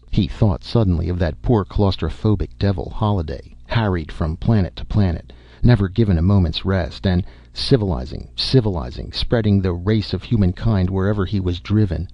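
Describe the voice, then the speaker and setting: Give me a male audiobook narrator with a low, gravelly voice and a steady read, recorded dry. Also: normal speed, hardly any pauses, no echo, dull audio. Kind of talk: scripted narration.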